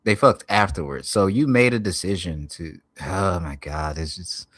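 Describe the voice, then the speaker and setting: Man, streamer, reaction commentary, bright forceful tone, dry close sound, lots of "bro". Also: sits low, normal speed, no echo. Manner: incredulous, swears heavily, says "bro".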